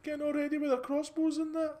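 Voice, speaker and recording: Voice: high-pitched, level tone, fast talker, warm tone. A host with a Scottish accent giving casual, rambling commentary over gameplay, chatty and full of restarts. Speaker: gaming channel host.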